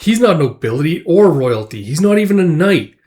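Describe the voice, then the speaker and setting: A man voicing a gruff, brooding young male swordsman in a casual comic recap, thinking aloud skeptically. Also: a little high, big pitch swings, a little fast, darkish tone, pitched above the performer's own voice.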